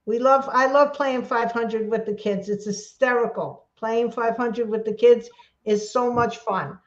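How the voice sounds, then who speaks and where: A woman's voice: a little high, a little slow. A middle-aged woman with a New York accent in casual chat, laughing often and jumping between topics. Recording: echoey room, dull lo-fi sound.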